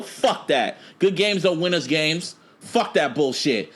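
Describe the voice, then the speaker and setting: A man co-hosting a casual podcast, telling a story in an animated, profane way. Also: fairly high pitch, normal speed. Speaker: podcast co-host. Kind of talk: casual chat.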